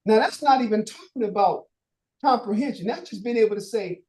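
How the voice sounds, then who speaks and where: A man's voice: sits high, a little fast, a little mellow, echoey room, low-quality recording. A man teaching a Bible study, talking casually with slang, swearing and many rhetorical questions to his listeners. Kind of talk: informal preaching Q&A.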